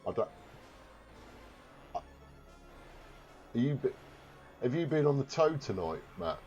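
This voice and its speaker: A man's voice: mid-range voice, sing-song, a little slow, darkish tone, highs cut off, soft background music. A man with a Warwickshire accent, chatting casually on a live stream while reading viewer comments, rambling and joking at himself. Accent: Warwickshire English. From Warwickshire, England. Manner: rambling, self-mocking, swears casually.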